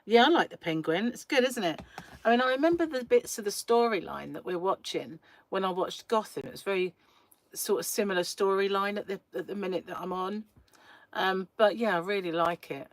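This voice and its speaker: An English woman hosts a crochet livestream from a small room at home, speaking at medium pitch, fairly quickly, with no echo. She rambles and chats casually with her live viewers, laughing often.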